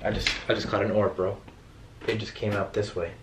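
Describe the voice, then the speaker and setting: Low-voiced young man hunting ghosts. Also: flat delivery, fairly quick. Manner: hushed then suddenly loud, calling out to spirits. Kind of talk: casual ghost-hunting vlog. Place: hotel room at night. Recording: echoey room, clear background noise.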